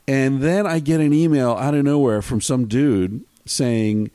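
Animated, swearing male storyteller, dry sound. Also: mid-range voice, measured pace, hardly any pauses, dry recording. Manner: animated, swears freely, acts out quoted dialogue. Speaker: podcast guest, travel writer. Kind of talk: casual storytelling chat.

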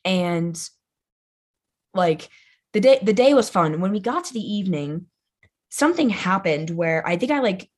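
A young woman talking as a podcast guest in a casual conversation. She is loud, playful and blunt, fills her talk with "like" and swears freely. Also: medium pitch, expressive, a little slow, long pauses. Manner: chatty, says "like" constantly, swears freely.

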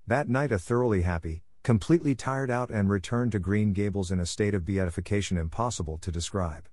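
A man narrating a classic storybook in a measured, even reading style. His voice is low and the recording is dry, as if the microphone were right up close. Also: no echo. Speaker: audiobook narrator.

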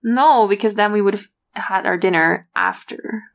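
A woman's voice: mid-range voice, normal speed, vocal fry. A tired woman co-hosting a podcast at home, chatting with enthusiasm and often losing her train of thought. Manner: chatty, enthusiastic, trails off and restarts. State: tired, half asleep. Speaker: podcast co-host. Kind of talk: casual chat. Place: home near a railway.

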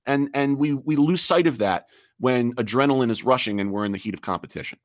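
A man's voice: mid-range voice, brisk, dry recording, clean studio sound. A man talking earnestly as a podcast guest, reflective and repeating words as he restarts his sentences. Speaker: guest, sportsmanship group president. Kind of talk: casual podcast interview.

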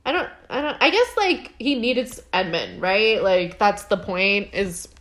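A woman's voice: medium pitch, lively intonation, unhurried, a bit bright. A woman casually recapping a TV episode as a podcast co-host, talking animatedly with lots of fillers and acting out the characters' lines.

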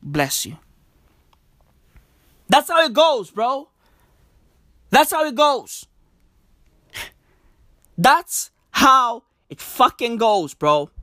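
Animated, slangy woman ranting in comedy. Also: high voice, drawn-out words, pauses often, dry recording, studio quality. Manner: slangy, profane, emphatic, repeats catchphrases; drops into soft mock-polite asides. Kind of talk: comedic rant monologue.

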